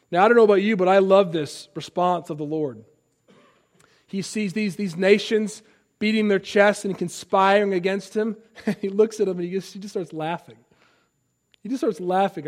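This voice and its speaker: A man in his thirties preaching a sermon. He swings between loud, impassioned lines and soft, conversational asides. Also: high-pitched, normal speed. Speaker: pastor.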